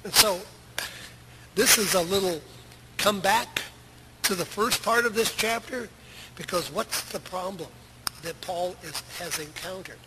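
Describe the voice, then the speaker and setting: A middle-aged man preaches to his church in an easy, conversational way, stacking up rhetorical questions for his listeners. His voice sits a little high for a man. A heavy, steady noise runs under the whole recording. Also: measured pace, pauses often. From United States. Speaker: pastor. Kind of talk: sermon. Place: church sanctuary. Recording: loud background noise.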